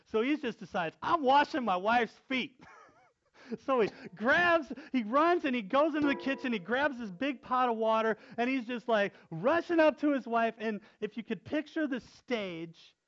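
A man's voice: extremely high pitch, lively intonation, normal speed, a bit bright. A man, a youth pastor, telling a story in casual talk and laughing often as he goes. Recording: dull lo-fi sound.

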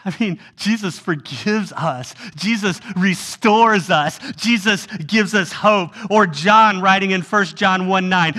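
A male pastor delivering a sermon with a high, bright voice. He preaches expressively and slips into a pleading tone when he acts out a scene. His delivery moves between easy asides and earnest conviction. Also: animated, takes it slowly, hardly any pauses.

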